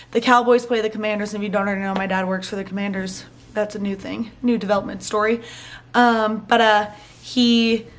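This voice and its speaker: A woman's voice: on the high side, a bit bright. A young woman, chatting casually to camera at home in a bubbly, rambling vlog style. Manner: chatty, bubbly, says "like" and "um" often. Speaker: vlogger. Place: home, indoors.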